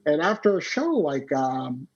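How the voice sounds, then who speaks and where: A man's voice: fairly high pitch, sing-song, a little slow. A man who is a storyteller and comedian, a guest on a podcast, talking in casual conversation with many fillers and restarts. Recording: dull lo-fi podcast audio.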